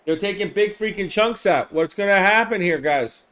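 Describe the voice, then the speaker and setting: A man hosting a live game simulation stream, calling plays with excitement, shouting on big plays and chatting with viewers by name. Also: sits high, moderate pace, clean tone. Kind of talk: live play-by-play commentary with chat replies.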